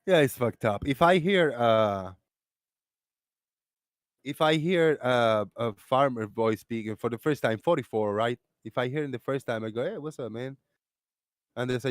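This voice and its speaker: A man's voice: mid-range voice, normal speed, dry recording. Host of an online voice chat, man, dry close sound, profane, ranting, laughs a lot. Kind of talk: casual live voice chat. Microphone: online voice call.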